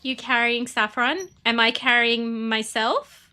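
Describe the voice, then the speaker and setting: A woman's voice: a little high, unhurried, pushed and bright. A young woman streaming a game and chatting with her viewers, with a stuffy, sniffly nose and a bubbly, chatty manner. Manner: chatty, bubbly, talks to chat. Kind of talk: casual live-stream chat.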